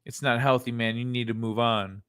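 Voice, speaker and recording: A man's voice: medium pitch, fairly even intonation, brisk, fairly bright tone, clean tone. A man hosting a casual livestream, reacting to clips in a laid-back way, laughing often and swearing freely. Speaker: livestream host.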